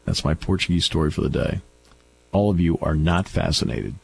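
A man's voice: rumbling low, lively intonation, normal speed, vocal fry, a little hiss or hum. A middle-aged man hosting a radio talk show, telling stories in a chatty way with restarts. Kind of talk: casual radio chat. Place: radio studio.

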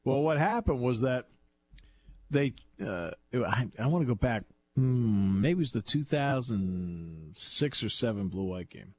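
A man hosting a sports talk radio show, chatting casually and telling animated stories with frequent laughter. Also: medium pitch, measured pace, dry recording. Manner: animated storyteller, laughs often.

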